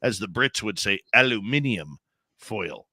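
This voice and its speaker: Male radio host, low pitch, bright tone, dry close sound, wry and joking. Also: expressive, normal speed, no room sound. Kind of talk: casual interview talk.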